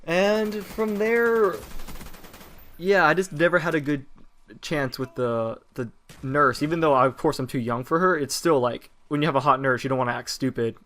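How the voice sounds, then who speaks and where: A teenage boy recounts a story for his channel, his voice sitting at an ordinary middle pitch. He rambles casually, restarting sentences and filling gaps with "uh" and "like.". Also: brisk, bright, forceful tone. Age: teens. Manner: rambling, with frequent fillers and restarts. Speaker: vlogger telling personal stories.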